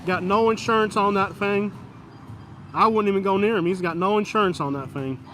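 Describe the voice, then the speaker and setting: A man's voice: sits high, a little fast, fairly bright tone, slight background noise. A man live-streaming outdoors on a busy street, joking with chat and mock-scolding passing drivers. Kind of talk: live-stream vlog, commenting on passers-by.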